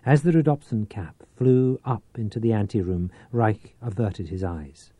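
A man reading a novel aloud as an audiobook narrator, with a measured, theatrical delivery. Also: on the low side, mellow, breathy edge, dry recording.

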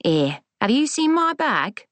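A woman's voice: a little high, very animated, slow pace, a bit bright, no room sound, voice pushed up, heavily acted. A woman voicing a forgetful elderly grandmother with a Cockney accent, her voice raised and thinner than her narration. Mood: puzzled. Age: older.

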